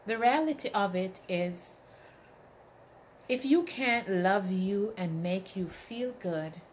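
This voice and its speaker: This motivational speaker has a mid-range voice, with a little hiss or hum on the recording. Her inspirational talk is emphatic, full of "right?" checks to the audience and lively stories where she acts out the quotes.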